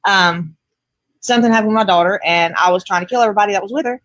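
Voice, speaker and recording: A woman's voice: medium pitch, rapid-fire, no echo. Grandmother rambling in casual chat. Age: middle-aged. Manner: rambling, warm storytelling with many fillers. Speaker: podcast co-host, grandmother.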